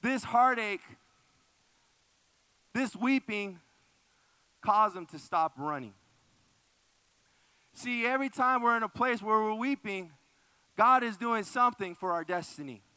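A man preaching a sermon, emphatic and repeating phrases for effect, often dropping low and soft. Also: lively intonation, a little slow, pauses often, clean tone, no room sound. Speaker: pastor.

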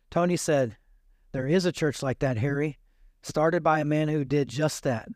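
A male pastor preaches, retelling a story and voicing each person in it. His voice sits a little high for a man. The sound is dry and close, with no room echo. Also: moderate pace, darkish tone. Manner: retells a story with quoted dialogue. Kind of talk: sermon storytelling.

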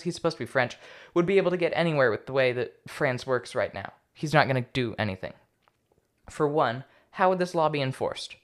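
A young man hosting a solo political commentary podcast, talking casually with a sarcastic edge. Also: medium pitch. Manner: casual, sarcastic, stumbles over foreign names. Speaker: podcast host.

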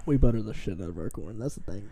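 A man chatting casually with friends on a podcast in a relaxed way. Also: on the low side, quick pace, vocal fry, breathy edge. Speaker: podcast co-host. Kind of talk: casual chat.

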